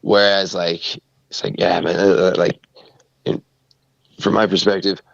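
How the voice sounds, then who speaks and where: A very deep, gravelly man rambling through a story on a podcast, filling gaps with "you know" and "um". His voice is dry and close, slightly dull and lo-fi. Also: level tone, measured pace, no echo. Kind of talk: casual podcast chat.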